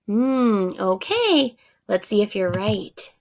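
A woman's voice: medium pitch, big pitch swings, takes it slowly. A woman teacher reading a children's book aloud for students, encouraging them and asking them questions. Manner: encouraging, asks questions to young listeners.

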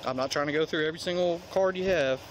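A male deputy questioning a detained man in a calm, commanding way, recorded on his body camera. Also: a little high, fast talker. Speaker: sheriff's deputy. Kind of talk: police traffic stop on bodycam. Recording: noisy outdoor bodycam audio.

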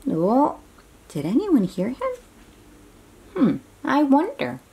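A woman reading a children's picture book aloud, animated and asking her young listeners questions. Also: high-pitched, slow pace, creaky, slightly rough.

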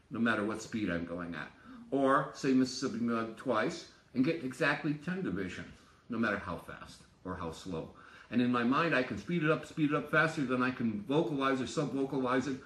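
A man's voice: mid-range voice, pushed and bright. Guy teaching piano ear training, echoey room, mic kinda far off. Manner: chants rhythmic syllables, speeding up and slowing down. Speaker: music teacher. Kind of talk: explanatory lesson.

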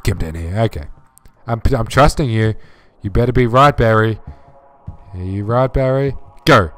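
A man's voice: medium pitch, normal speed, a bit bright, no echo. A man hosting a horror game playthrough, joking and swearing as he talks to objects in the game. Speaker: let's play host.

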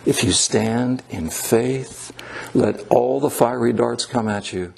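A male priest preaching a sermon in church. He is emphatic, repeats his key phrases and slows down to stress his points. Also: medium pitch, gravelly, darkish tone, breathy edge.

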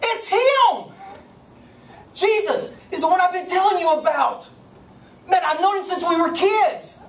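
A man voicing a joyful prophet who shouts with excitement that the one he awaited has come, in an echoey church room. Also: very high voice, unhurried, distant mic, pitched above the performer's own voice, heavily acted. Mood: exultant.

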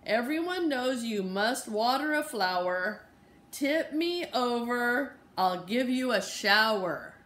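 A woman's voice: on the high side, expressive, takes it slowly, a bit bright. A woman voicing a busy schoolboy who gets a little impatient, in a plain, slightly fussy tone. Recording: roomy echo.

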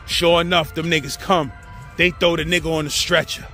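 A man with a New York accent telling prison stories in a casual, animated, slangy way. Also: on the high side, normal speed, faint music behind. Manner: animated, slangy, acts out the people in his story. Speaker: storyteller host.

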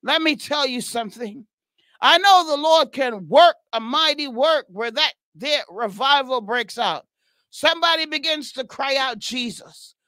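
A woman's voice: high voice, lively intonation, measured pace, bright, forceful tone, no echo. A woman leading an impassioned spoken prayer, crying out repeated praises and breaking into tongues. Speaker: prayer leader. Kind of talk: fervent spoken prayer and exhortation.

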